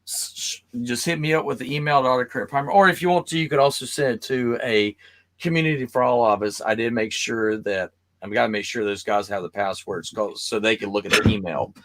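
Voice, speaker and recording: A man hosting a casual video-call chat who rambles, laughs often and talks in an animated way. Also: medium pitch, brisk. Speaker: host.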